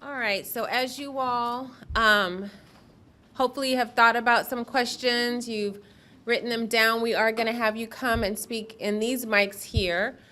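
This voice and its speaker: A woman's voice: fairly high pitch, steady tone, a little slow, pushed and bright. A woman moderating a panel discussion at a podium in an event hall, organized and friendly.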